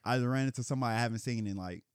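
A young man co-hosting a casual chat podcast, telling animated stories and acting out what people said, with plenty of swearing. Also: mid-range voice, racing, clean tone, dry recording, clean studio sound. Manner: animated storytelling, acting out quotes, heavy swearing. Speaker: podcast co-host.

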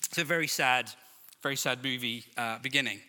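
A man's voice: mid-range voice, pushed and bright, long reverb tail. A middle-aged man preaching to a church congregation, telling a humorous story in a chatty way. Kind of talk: sermon. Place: large church hall.

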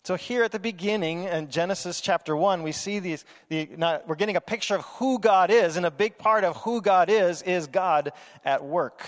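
Animated preaching man, high voice. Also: moderate pace, long reverb tail. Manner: animated, conversational preaching with playful asides. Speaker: pastor. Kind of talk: sermon.

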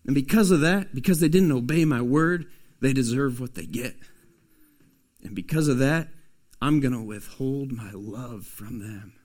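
A man preaching a sermon as a pastor, swinging from loud, emphatic pushes to soft, hushed asides. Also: medium pitch, measured pace.

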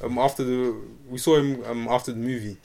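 A young man, co-hosting a casual podcast in an animated, slangy way. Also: medium pitch, fairly quick. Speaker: podcast co-host. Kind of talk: casual chat.

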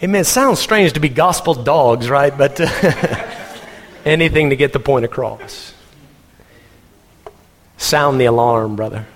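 A man from Texas, preaching a sermon in an animated storytelling manner and laughing as he goes. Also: mid-range voice, measured pace, long pauses, in a large hall. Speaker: pastor.

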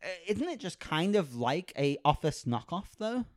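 A young man hosting a podcast in casual chat, playful and quick to laugh. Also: a little high, big pitch swings, no echo, studio quality. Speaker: podcast host.

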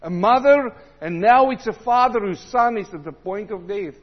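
A man preaching a sermon, swinging between loud emphatic passages and low, quiet asides. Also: animated, normal speed, lo-fi sound.

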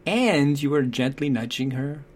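A man talking earnestly about parenting in a relaxed conversation, acting out what parents and children say. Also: a little high, unhurried. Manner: acts out quoted voices, thoughtful and earnest. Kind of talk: conversational advice talk.

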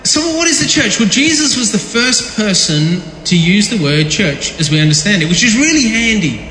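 A man's voice: sits high, sing-song, moderate pace, sharp tone. A man giving a casual, jokey sermon as pastor, talking with his congregation and restarting his words often. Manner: conversational, jokey, repeats words when restarting. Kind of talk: casual sermon with audience interaction. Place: large echoey church hall. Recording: echoey hall with long reverb.

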